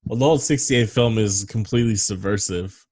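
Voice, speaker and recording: Low-voiced man in loose movie chat. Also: normal speed, a little mellow, dry recording. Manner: rambling, swears freely, reads trivia aloud. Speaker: podcast co-host. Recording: dry close sound over a video call.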